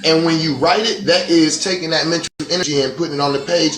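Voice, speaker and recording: A man's voice: on the high side, fairly even intonation, fast, music in the background. A man hosting a casual livestream monologue, preaching in a profane, streetwise way. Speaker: host. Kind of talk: casual monologue on a live stream. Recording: echoey room.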